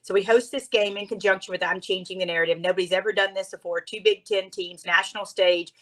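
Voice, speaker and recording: Woman, from Louisiana, podcast guest, expressive, earnest, storytelling. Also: mid-range voice, fast, poor audio. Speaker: guest, author and speaker. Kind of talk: conversational storytelling.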